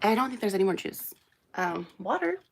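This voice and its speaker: A young woman hosts a casual live unboxing from a small room under hot lights, rambling chattily with lots of fillers. Her medium-pitched voice is brisk and gravelly, with big pitch swings.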